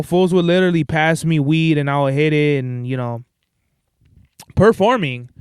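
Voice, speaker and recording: A man's voice: a little high, clean tone, dry recording. Slangy, profane man, dry close sound. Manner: profane, slangy, rambling storytelling. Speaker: podcast host and stage performer. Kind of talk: casual solo monologue.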